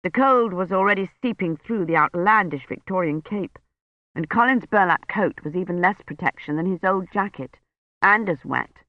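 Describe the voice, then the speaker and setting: A man narrating a novel as an audiobook in a measured storytelling delivery. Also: high voice, lively intonation, dry recording, dull audio. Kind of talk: scripted narration.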